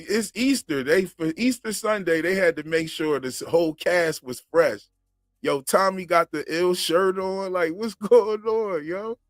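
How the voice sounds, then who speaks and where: A man's voice: high voice, dry recording, studio quality. A man hosting a casual commentary channel, joking in slang and laughing often. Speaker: channel host reacting to a TV show.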